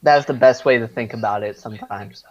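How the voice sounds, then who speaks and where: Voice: mid-range voice, brisk, highs cut off. A player explaining something thoughtfully in a casual chat on a video call.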